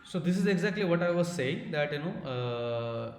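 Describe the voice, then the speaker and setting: A man with an Indian accent giving a technical conference talk, halting, with many fillers and restarts. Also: fairly high pitch, animated. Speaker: conference speaker. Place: conference hall. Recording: echoey hall with faint noise.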